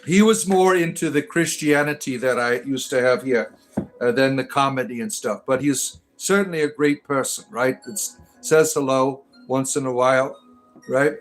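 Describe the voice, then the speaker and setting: A man's voice: medium pitch, moderate pace, faint music behind. Rambling man chatting to his stream. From Detroit, Michigan. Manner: rambling, hesitant, many fillers and restarts; reads viewer comments aloud and answers them. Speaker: livestream host reading chat. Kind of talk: casual livestream chat.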